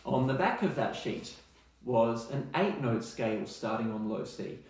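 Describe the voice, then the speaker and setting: An Australian man teaching music in a relaxed, chatty way, now and then singing scale notes to demonstrate. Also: mid-range voice, unhurried, very echoey, a little hiss or hum. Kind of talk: recorded online music lesson.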